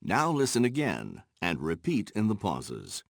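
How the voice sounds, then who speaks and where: A man narrating textbook exercises in a slow, instructional way, with a gravelly voice. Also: on the low side, huge pitch swings, dry recording, clean studio sound. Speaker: course narrator.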